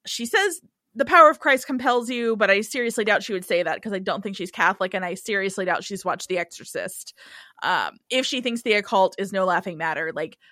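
A woman's voice: brisk, no room sound, studio quality. A woman hosting a podcast, recapping a TV episode in casual chat and acting out quoted lines. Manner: animated, acts out quoted lines in higher voices. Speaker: podcast host recapping a TV show.

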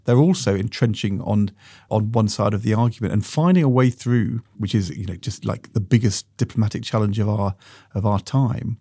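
A middle-aged man with a low, mellow voice that has a husky edge, co-hosting a political chat show. He talks things through in a measured, even-handed way and drifts into personal anecdotes. The sound is close and dry. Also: dry recording. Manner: measured, nuanced, recounts anecdotes. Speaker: podcast co-host, former minister. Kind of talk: political discussion podcast.

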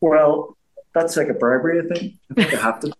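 A man's voice: fairly high pitch, brisk, echoey room, low-quality recording. A man in his fifties with a Belfast accent, a former boxer chatting as an interview guest, rambling and often restarting his sentences. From Belfast, Northern Ireland. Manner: rambling, repeats himself, frequent restarts. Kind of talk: casual interview chat.

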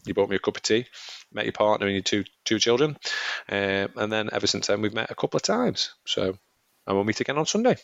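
Chatty low-voiced man on a podcast. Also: expressive, quick pace, vocal fry, a bit bright, no room sound, highs cut off. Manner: chatty, rambling, laughs often. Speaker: podcast co-host. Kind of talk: casual chat.

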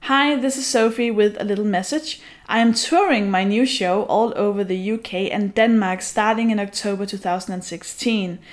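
A woman co-hosting a comedy podcast, talking in a relaxed way with filler pauses. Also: mid-range voice. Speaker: podcast co-host. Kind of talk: comedy podcast plugs and promo message.

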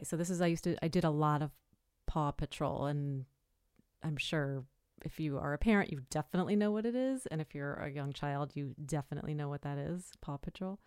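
Woman, podcast host, chatty solo talk, self-correcting, lowish smooth voice, dry sound. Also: darkish tone, no room sound.

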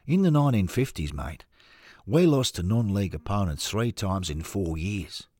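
A man puts on a glum Australian former footballer in an audio drama, low and husky, halting over his words. His tone swings widely in pitch even when downbeat, and the sound is close and dry. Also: dry recording. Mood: downcast. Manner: halting, hesitant, subdued.

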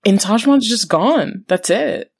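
A woman's voice: a little high, animated, takes it slowly, husky. A woman co-hosting a podcast, giving wry, exasperated commentary in casual chat. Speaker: podcast co-host.

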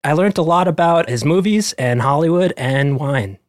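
A man's voice: a little high, expressive, moderate pace. A man co-hosting a comedy podcast, bantering playfully. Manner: playful, jokey. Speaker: podcast co-host.

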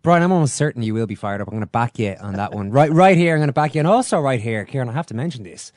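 A man's voice: medium pitch, expressive, a little mellow, dry recording, clean studio sound. A man hosting a sports podcast, teasing his guest and laughing easily. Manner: quick, teasing, laughing often. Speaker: podcast host. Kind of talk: casual podcast chat.

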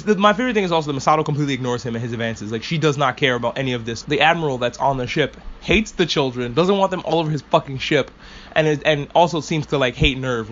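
A man with a slightly raised pitch talks through anime episodes on his podcast, rambling and cursing as an eager fan. The recording is a little muffled, with a faint hiss underneath. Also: a bit bright. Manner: rambling, profane, enthusiastic fan. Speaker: podcast host. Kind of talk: casual anime discussion.

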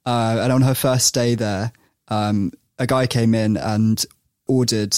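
A man's voice: mid-range voice, fairly even intonation, measured pace, a little mellow, dry recording, clean studio sound. A man, co-hosting a casual podcast chat, telling a story with frequent laughs and restarts.

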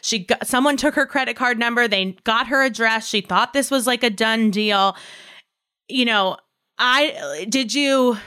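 A woman's voice: a little high, measured pace, bright, forceful tone, clean tone. A woman hosting a podcast, chatting casually, recapping the story and asking probing questions. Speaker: podcast host. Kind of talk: casual interview chat.

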